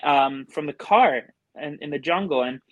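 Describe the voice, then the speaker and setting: A man's voice: on the high side, normal speed, dry recording. A man telling a story as a podcast guest in a casual way, rambling and full of fillers. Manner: rambling, filler-heavy with many likes.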